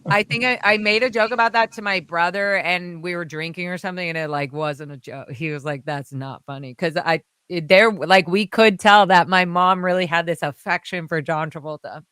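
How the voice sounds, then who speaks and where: Woman chatting, rambly storyteller, bright clear voice, dry sound. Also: on the low side, moderate pace, hardly any pauses, dry recording. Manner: rambling, quotes people in their voices. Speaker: guest. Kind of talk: casual storytelling chat.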